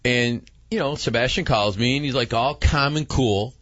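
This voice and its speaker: A man hosting a casual chat, excitable and repeating words as he gets going. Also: mid-range voice, moderate pace, no echo. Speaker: podcast host. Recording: dull lo-fi audio.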